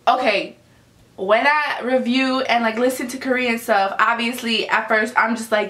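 Gushing young woman, bright voice, echoey room. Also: a little high. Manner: gushing, swears freely, slangy, repeats herself. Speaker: vlogger reacting to a music video. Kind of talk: excited reaction vlog. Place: at home, just woke up.

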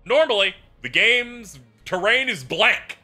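A man livestreaming and chatting casually about a game, telling it as an animated story with swearing and laughter. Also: high voice, slow pace, soft background music. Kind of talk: casual gameplay chat.

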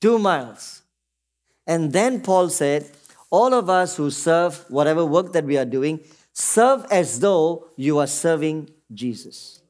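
A middle-aged man from Singapore, a pastor, preaches slowly and expressively to his congregation, his voice on the high side and a little mellow. He often calls out "Amen?" and uses brief quoted voices to make his points.

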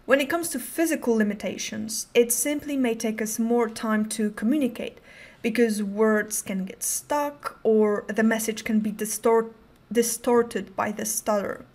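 A woman's voice: fairly high pitch, unhurried, darkish tone. A young adult woman giving a prepared conference talk, speaking in a careful, controlled way with occasional stutters on sounds.

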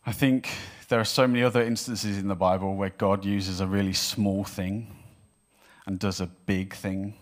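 Deep-voiced man preaching a sermon. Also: moderate pace. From Wales. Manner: animated storytelling with acted-out voices of the people he describes. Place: church hall with congregation.

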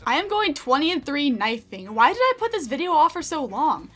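A young woman giving giggly, excitable commentary while playing a video game. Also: high voice, a little fast. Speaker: gaming streamer. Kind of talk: live gameplay commentary.

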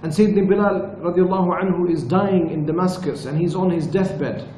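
A man giving a religious lesson at a retreat, telling stories in an earnest, measured way. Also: high voice, mellow, slight background noise. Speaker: religious teacher. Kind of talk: storytelling lecture. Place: retreat lecture room. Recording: echoey room with faint ambience.

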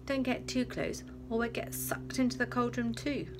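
A woman's voice: fairly high pitch, little pitch movement, moderate pace, music in the background, pitched above the performer's own voice, lightly acted. A woman reading aloud and voicing a sensible, cautious schoolgirl who speaks urgently. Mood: warning. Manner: urgent, warning.

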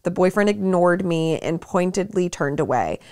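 A young woman co-hosts a podcast, chatting casually and reading a listener's post aloud. Her voice is fairly low, clear and resonant, at a normal pace, recorded dry with clean studio sound. She's animated, laughs often and says "like" a lot.

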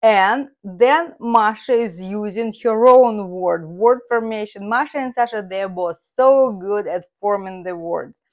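Woman, language teacher, unhurried and careful, steady middle pitch. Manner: slow, careful explanations. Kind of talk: explaining words.

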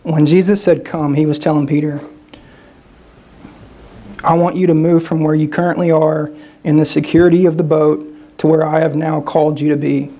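Preaching as a guest speaker, a man talks conversationally in a dark, rather high voice with a level tone, moving at normal speed and pausing often. He restarts phrases a lot and keeps checking in with listeners through repeated "right?" tags.

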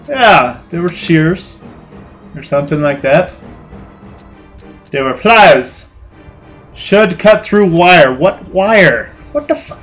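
Excitable young man swearing at a game. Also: high voice. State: irritable, in a bad mood. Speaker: gaming channel host. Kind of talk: casual let's-play commentary.

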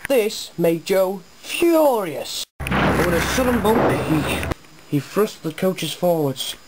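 A narrator reading a homemade storybook tale about engines, halting with occasional restarts. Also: medium pitch, sing-song, heavy background noise.

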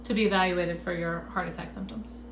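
Woman, calm phone agent, echoey room. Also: on the low side, a little fast, a little hiss or hum. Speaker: telemedicine agent. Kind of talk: comedic call-center skit.

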